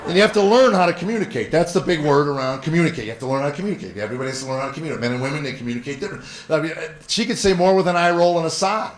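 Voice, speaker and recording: A middle-aged man performs stand-up comedy, telling stories in an animated way and acting out voices. His voice is a little high and rapid-fire, with few pauses. It's live club audio with audience noise.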